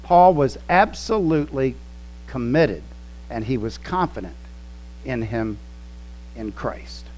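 A man preaching a sermon, teaching slowly and emphatically, quoting scripture and explaining original-language words. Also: mid-range voice, a little mellow, slight background noise, poor audio. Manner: slow, emphatic teaching with quoted scripture and word studies. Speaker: pastor.

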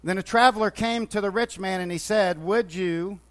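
A man's voice: sits high, fairly even intonation, fairly quick, a bit bright. A man teaching from the Bible, retelling scripture stories with quoted dialogue and frequent restarts. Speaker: preacher.

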